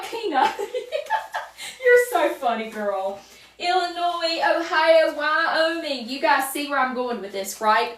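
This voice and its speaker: A woman with a North Carolina Southern accent hosting a live crafting stream, chatting warmly with viewers by name as she works. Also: fairly high pitch, roomy sound, recorded from a distance. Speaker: livestream craft host.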